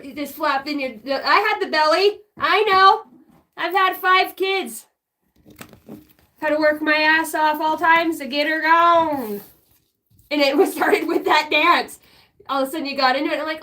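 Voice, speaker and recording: A woman's voice: high-pitched, unhurried, pauses often, sharp tone. A middle-aged woman chatting casually on a live stream as a spiritual reader, goofy and laughing, swearing freely and teasing herself. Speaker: livestream host offering spiritual readings.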